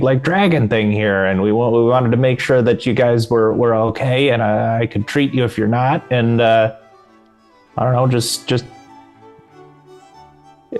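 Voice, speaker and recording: A man's voice: medium pitch, a little mellow. A man playing a tabletop game, talking hesitantly with many fillers. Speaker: player.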